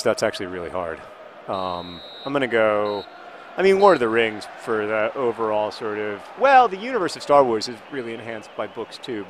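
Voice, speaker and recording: A man casually commenting while playing a video game, rambling and restarting sentences, with sudden excited outbursts. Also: medium pitch, slight background noise. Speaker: video host.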